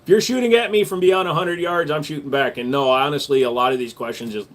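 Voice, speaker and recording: A man's voice: on the high side, fast, a bit bright, slight background noise. A man hosting a live stream, answering viewer questions in a blunt, matter-of-fact way. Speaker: live stream host and gun store owner.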